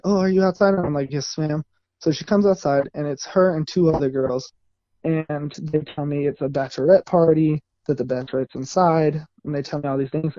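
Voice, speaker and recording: Man, casual storyteller, slightly high voice, rambling, dry muffled recording. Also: mellow, no room sound. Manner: rambling, self-correcting, laughs while telling. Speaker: male dancer guest.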